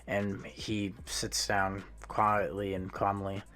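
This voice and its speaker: A man's voice: lowish voice, monotone, takes it slowly, a bit bright. A man casually narrating a fan-made story, retelling it loosely with frequent restarts and self-corrections.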